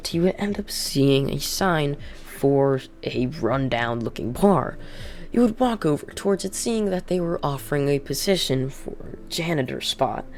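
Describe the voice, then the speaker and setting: Low-voiced woman narrating a fan story. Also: creaky. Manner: rambling, repeats "would end up".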